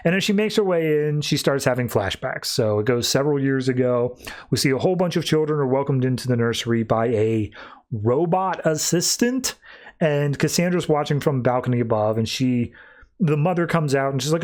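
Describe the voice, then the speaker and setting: A man hosting a podcast, casually recapping a comic book with animated storytelling. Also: mid-range voice, fairly quick. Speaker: podcast host.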